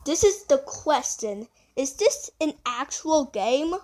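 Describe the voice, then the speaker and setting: Animated high-voiced young woman reacting. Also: slow. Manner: bewildered, exclaiming, laughing often. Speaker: reaction video creator. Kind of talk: casual reaction commentary.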